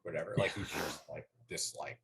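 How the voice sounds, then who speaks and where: A man's voice: rumbling low, gravelly, background noise. A man co-hosting a casual podcast chat, rambling and cursing, cutting in often. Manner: rambling, profane, quick to jump in. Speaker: podcast co-host.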